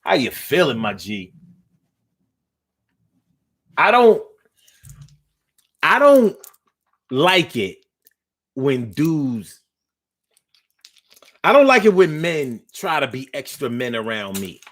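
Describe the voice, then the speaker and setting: A man's voice: medium pitch, very animated, slow, long pauses. A man hosting a casual livestream, reading chat aloud and joking in a slangy, profane way.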